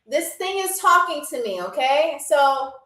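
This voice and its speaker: A high-voiced woman hosts a live-stream game show in an unhurried, drawn-out way. She teases her viewers playfully and repeats words slowly and carefully. Her voice rings in an echoey room. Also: very animated, sharp tone, distant mic. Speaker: game show host on a livestream.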